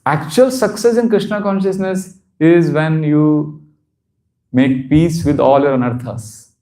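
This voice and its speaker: Male spiritual teacher, higher-pitched voice, earnest, repeats lines, laughs often. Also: measured pace, dark tone. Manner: repeats phrases for emphasis. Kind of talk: devotional seminar talk.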